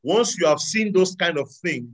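A man preaching a sermon to a live audience, animated, swinging between loud exclamations and quiet asides. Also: high voice, moderate pace, low-quality recording. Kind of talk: sermon with audience call-and-response.

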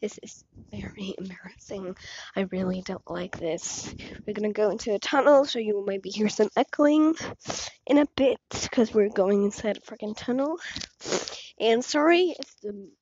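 A woman's voice: medium pitch, moderate pace, a little mellow. A teenage girl with an Icelandic accent, sick with a sore throat, rambling in a self-deprecating way while she walks outdoors. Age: teens. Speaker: podcast host. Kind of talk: casual rambling monologue. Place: outdoors, walking along a street. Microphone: cheap earbud headphone mic. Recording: dull lo-fi earbud mic.

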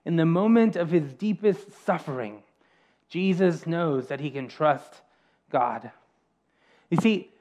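A man preaching a sermon as a pastor, earnest and slowing down to repeat key phrases for emphasis. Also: high-pitched, a little mellow, highs cut off.

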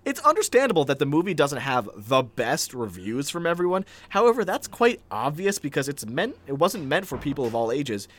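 Lively man reading reviews with flair. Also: on the high side, fairly quick, hardly any pauses. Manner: dramatic, playful review reading. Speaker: podcast co-host. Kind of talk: casual chat reading reviews aloud.

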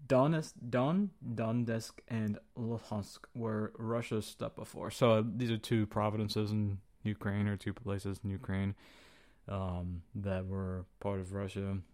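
A man's voice: lowish voice, flat delivery, a little slow, a little mellow. A young man hosting a podcast, talking in a flippant, profane, slangy way and acting out quotes as he goes. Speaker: podcast host. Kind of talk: casual opinion monologue.

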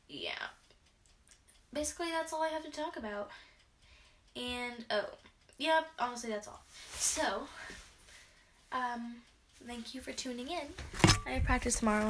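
A woman's voice: on the high side, slight background noise. A teenage girl ranting casually into her camera from her bedroom, rambling and exasperated, sighing often and restarting her sentences. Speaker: vlogger and gymnast.

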